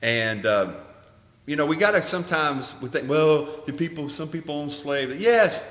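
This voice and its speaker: A man's voice: a little high, animated, moderate pace, a bit bright. A man co-hosting a podcast, a coach talking in casual, opinionated chat. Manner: opinionated, preachy. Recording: echoey room with long reverb.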